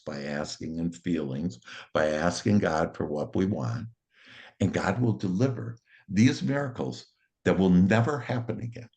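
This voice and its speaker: With a deep, somewhat mellow voice, a male author and motivational speaker relates a lighthearted anecdote. His telling is casual and upbeat, punctuated by frequent chuckles.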